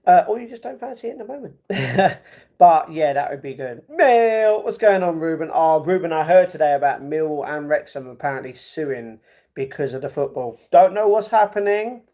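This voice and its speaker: Reading his live chat aloud, a young male streamer banters with viewers in a relaxed, slangy manner. He speaks at normal speed in a fairly high, mellow, expressive voice.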